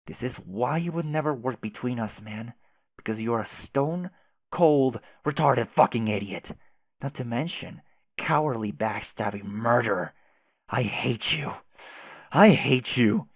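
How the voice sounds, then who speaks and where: A man reading a webcomic chat aloud and voicing a furious, foul-mouthed young male troll who shouts insults. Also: mid-range voice, unhurried, no room sound, studio quality. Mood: angry. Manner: shouty, insulting, swears constantly.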